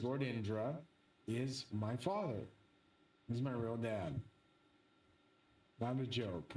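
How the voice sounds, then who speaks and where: A man rambling through a profane, excitable monologue as host of his own channel. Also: a little high, echoey room, far from the mic, poor audio.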